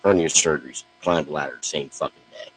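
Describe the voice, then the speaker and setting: A man's voice: rumbling low, fast, slight background noise, low-quality recording. A middle-aged man ranting bluntly to camera, profane and brash, often stammering on the first words of a sentence. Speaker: online wrestling promo talker. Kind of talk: blunt direct-to-camera rant.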